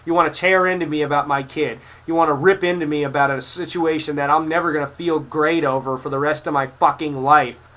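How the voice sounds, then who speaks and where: A man's voice: a little high, steady tone, fairly quick, pushed and bright. A man in his twenties ranting angrily to camera at his critics, swearing hard and stumbling over repeated words. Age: 20s. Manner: furious, swearing, stammering repeats. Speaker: video creator answering critics. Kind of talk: angry profane rant to camera.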